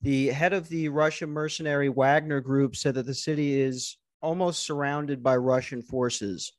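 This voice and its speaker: Deadpan man hosting a crude podcast. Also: medium pitch, moderate pace. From Arizona. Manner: joking, deadpan crude humor. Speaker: podcast host. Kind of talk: crude casual podcast banter. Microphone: online call.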